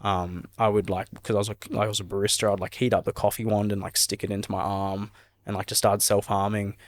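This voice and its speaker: A man's voice: fairly low pitch, level tone, fairly quick. A young man, a podcast guest, earnestly recounting a personal story in a rambling way, saying "like" often. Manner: earnest, rambling, heavy use of "like".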